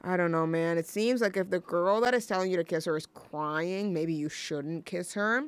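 A woman's voice: fairly low pitch, moderate pace, smooth, no echo. A young woman hosting a college radio show, chatting on her own in a rambling, gushing way full of fillers and restarts. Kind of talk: casual solo radio chat.

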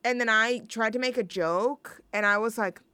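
A young woman hosts a radio show, rambling and joking at her own expense between songs. Her voice sits a little high, smooth and resonant. The mic is close and dry, with no room sound. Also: moderate pace, pushed and bright, dry recording. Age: young adult. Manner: rambling, self-deprecating and jokey. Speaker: student radio host.

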